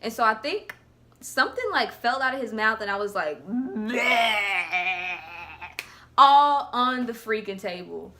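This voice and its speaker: A woman's voice: a little high, moderate pace. A young woman telling a funny story in a vlog, acting out what people said in different voices. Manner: animated, acts out quotes in voices. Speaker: vlogger.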